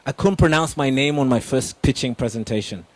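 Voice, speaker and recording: A young man giving an energetic motivational talk on public speaking, addressing the audience directly with emphatic questions. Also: medium pitch, a little fast.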